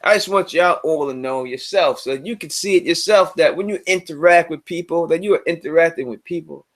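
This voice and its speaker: A man hosting a casual live stream, talking loosely in slang and repeating himself, his voice swinging between loud and quiet. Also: fairly high pitch. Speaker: livestream host.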